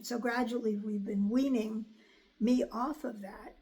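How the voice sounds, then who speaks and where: An older American woman vlogger, her voice on the high side and measured in pace, tells her viewers a personal story candidly. She's chatty throughout and turns animated whenever she quotes other people.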